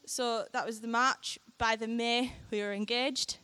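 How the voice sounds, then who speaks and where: A young woman shares her testimony with a church crowd, laughing often and acting out the lines she quotes. Her voice sits a little high. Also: measured pace, clear, resonant tone. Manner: animated storytelling, frequent laughter, acts out quoted lines. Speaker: speaker sharing a testimony. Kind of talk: personal testimony to a church audience.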